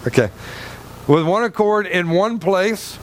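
A male pastor preaching in a high voice, reading a verse and stopping to explain it. He rambles and restarts his sentences, checking in with the congregation, with faint noise behind him. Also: measured pace. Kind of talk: sermon with Bible reading and anecdote.

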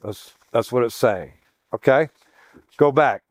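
A pastor in a sermon, teaching in a chatty way, with joking asides and questions for the congregation. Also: male voice, mid-range voice, measured pace, no room sound, studio quality. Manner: chatty, jokey asides, asks the room questions.

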